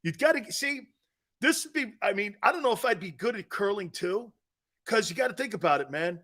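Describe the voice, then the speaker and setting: A man's voice: sits high, expressive, fairly quick, pushed and bright. A man hosting a sports talk show, joking and rambling between laughs.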